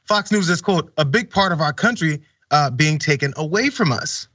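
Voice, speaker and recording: A man's voice: fairly high pitch, animated, moderate pace, a bit bright, no echo, lo-fi sound. A man hosting a news commentary show, talking in a sarcastic, conversational way. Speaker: host.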